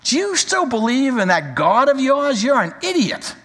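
A man's voice: sing-song, moderate pace, a bit bright, long reverb tail, full character voice. A man putting on a sneering scornful wife. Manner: sneering, raised pitch. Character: scornful wife mocking her suffering husband.

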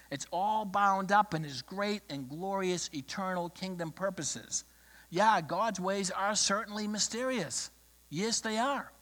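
Impassioned preacher in a reverberant hall. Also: male voice, high voice. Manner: impassioned storytelling, swings from loud declarations to hushed words. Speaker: pastor. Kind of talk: sermon.

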